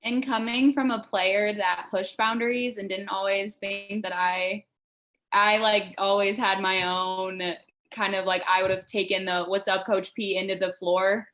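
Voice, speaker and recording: A woman's voice: medium pitch, flat delivery, unhurried, fairly bright tone. Young woman, rambling with "like". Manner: rambling, heavy use of "like". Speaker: former player, panelist. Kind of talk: panel discussion.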